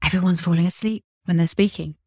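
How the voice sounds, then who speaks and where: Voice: mid-range voice, steady tone, quick pace, warm tone, no room sound, studio quality. A guest joining a casual podcast chat with short remarks.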